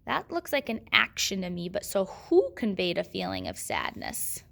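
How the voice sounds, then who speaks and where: A woman's voice: medium pitch, huge pitch swings, moderate pace, creaky, fairly bright tone. A woman teaching a grammar lesson, patiently asking questions and answering them herself.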